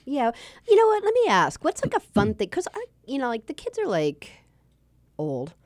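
A woman's voice: sits high, wildly swooping pitch, a little mellow, no echo. A middle-aged woman co-hosting a comedy radio show, chatty and easygoing in casual banter. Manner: chatty, easygoing, quick to laugh. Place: radio studio.

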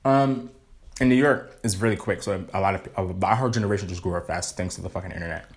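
A man hosts a casual solo podcast at a quick pace, rambling and swearing freely. Now and then he eats while talking and leaps into high, playful tones.

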